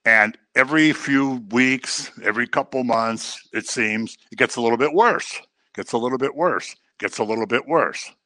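A middle-aged man leading an informal Bible study, talking casually, repeating phrases for emphasis and mimicking other people's voices in a low, mocking tone. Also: normal speed, bright, forceful tone, no room sound.

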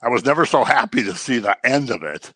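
A man's voice: medium pitch, quick pace, breathy edge, dry recording. A man teaching a casual Bible class, acting out quotes in voices and joking with his listeners. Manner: animated, acts out quotes in voices, jokes with the class.

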